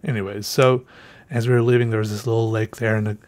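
A man's voice: fairly low pitch, flat delivery, fast talker, a little mellow. Man, podcast host, casual rambling story, slightly breathless, lots of fillers. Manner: rambling, self-correcting, trails off with fillers.

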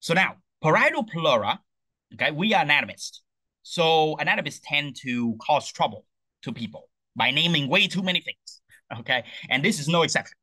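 A male lecturer with a bright, forward voice that climbs and dips as he explains. He checks in with his listeners by adding "okay?" after each point and poses questions before answering them himself. The recording is dry and close, with no room sound. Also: a little high, moderate pace, no echo, rough recording. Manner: lively, repeats "okay?" to check understanding. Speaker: anatomy lecturer.

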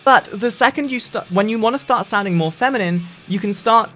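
A gaming streamer giving a casual voice-training tutorial in a lively, sing-song way, often restarting sentences. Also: brisk, faint music behind. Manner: lively, sing-song delivery with frequent restarts, dropping into deep demo voices.

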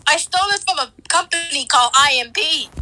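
A woman doing a squeaky bright puppet sidekick. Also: lively intonation, brisk, slight background noise, exaggerated voice, poor audio. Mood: excited. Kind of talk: puppet comedy skit.

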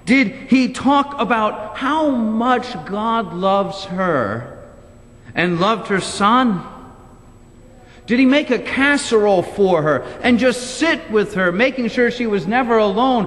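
Preaching man with a high, lively voice. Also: slow. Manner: preaching with emphatic rhetorical questions. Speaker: pastor. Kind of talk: sermon. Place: church sanctuary. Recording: long church reverb.

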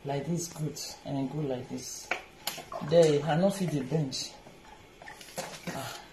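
A woman's voice: low-pitched, slow pace, noisy background. A woman with a Nigerian Pidgin accent chatting casually on a livestream while she washes dishes, playful and full of laughs and mock cries. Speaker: vlogger. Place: kitchen. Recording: echoey kitchen with clattering dishes. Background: clinking dishes, pots and pans.

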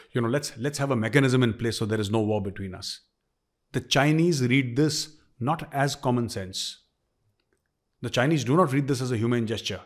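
A middle-aged man with an Indian accent, giving emphatic opinion commentary and repeating phrases for stress. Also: medium pitch.

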